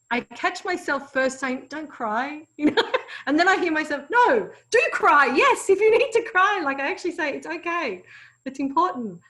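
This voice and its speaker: A woman's voice: fairly high pitch, a bit bright, low-quality recording. A woman co-teaching a parenting course, sharing stories from home and laughing between points.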